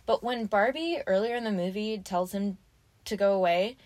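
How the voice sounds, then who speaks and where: A young woman co-hosting a podcast in casual chat, talking in an animated way with lots of "like" and acted-out quotes. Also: medium pitch, normal speed, dry recording. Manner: animated, fillers like "like", acts out quotes. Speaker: podcast co-host.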